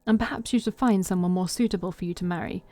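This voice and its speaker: Woman doing a stern rich dad for a story game, low mellow voice, bossy and dismissive. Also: fast, soft background music, close to an everyday voice. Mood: scornful. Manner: commanding, dismissive lecturing. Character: stern wealthy middle-aged father, domineering and cold.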